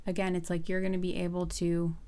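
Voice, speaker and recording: A woman's voice: on the low side, monotone, a little fast, warm tone. A woman giving a casual pick-a-card tarot reading to her viewers, chatty and earnest, with many fillers and restarts.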